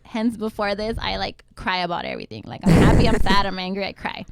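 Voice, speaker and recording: Young woman telling her story with a gravelly edge. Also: medium pitch, very noisy. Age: young adult. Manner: quotes others in quick reenacted lines, many likes. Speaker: guest mother. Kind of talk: personal story in casual chat.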